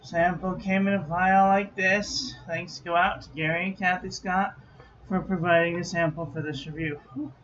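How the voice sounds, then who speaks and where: A man's voice: sits high, steady tone, normal speed, a bit bright, lo-fi sound, slight background noise. A man hosting a casual product review vlog from his own room at home, chatty and reading product details aloud in clipped lists. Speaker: host.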